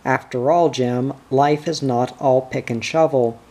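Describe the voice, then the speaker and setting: A man's voice: medium pitch, steady tone, a little slow, darkish tone, lightly acted. A man reading the part of a fussy, educated schoolmaster who scolds his friends, in an audiobook. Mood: exasperated. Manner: prim, scolding.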